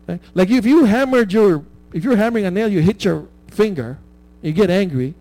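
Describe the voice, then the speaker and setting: A male preacher with a high, mellow voice delivers a conversational sermon. He keeps checking in with "right?" and laughs at his own examples. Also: animated, moderate pace, no echo.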